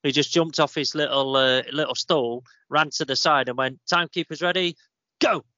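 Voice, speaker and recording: A man co-hosts a relaxed podcast, chatting and recounting stories in a casual way. His voice is bright and forceful. The sound is dry and somewhat dull. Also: medium pitch, normal speed, dry recording. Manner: chatty storyteller. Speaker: podcast co-host. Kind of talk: casual chat. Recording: slightly muffled dry recording.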